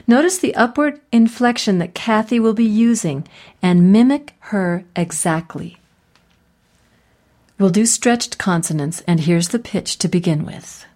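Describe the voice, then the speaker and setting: A woman voice coach giving clearly enunciated, call-and-response pronunciation drills. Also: medium pitch, lively intonation, unhurried, a little mellow. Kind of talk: guided vocal exercise instruction.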